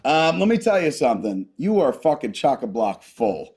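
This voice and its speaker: A man's voice: mid-range voice, big pitch swings, moderate pace, darkish tone, breathy edge. A man hosting a podcast, joking around with heavy swearing and frequent laughter. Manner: joking, profane, laughs often. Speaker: podcast host. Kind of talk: casual podcast chat.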